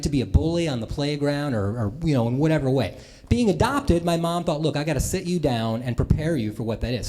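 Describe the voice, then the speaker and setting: A Midwestern American man with a high-ish, darkish voice does comic personal storytelling at a live talk. He pokes fun at himself in a chatty way and keeps throwing asides to the audience.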